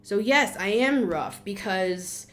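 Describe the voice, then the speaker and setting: Slow and fairly bright, this thirty-something woman's voice carries a blunt, scolding tarot reading delivered as a casual monologue. Her emphasis is strong, marked by sudden leaps into high outbursts.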